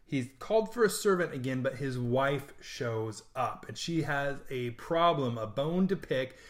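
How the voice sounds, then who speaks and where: A man's voice: mid-range voice, animated, unhurried. A man teaching a lesson on a play in a casual, jokey way. He reads lines from the play aloud and then retells them in slangy modern words. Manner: chatty and jokey. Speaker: literature teacher.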